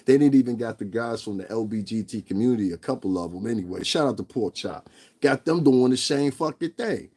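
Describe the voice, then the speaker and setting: Brief: husky male vlogger, mid-pitched, profane and blunt, emphatic rant. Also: lively intonation, brisk, dark tone. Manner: profane, blunt, emphatic, laughs between points. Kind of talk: ranting commentary.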